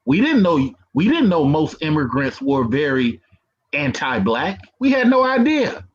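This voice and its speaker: A high, lively male voice pressing his case in a heated online debate, repeating key phrases with rising insistence. The call audio is dull and lo-fi. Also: a little slow.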